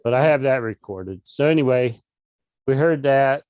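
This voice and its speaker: A man's voice: mid-range voice, lively intonation, normal speed, clear, resonant tone, dry recording, muffled recording. A middle-aged man, an interview guest, telling a casual story over a video call with lots of restarts and fillers. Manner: rambling, many restarts and fillers.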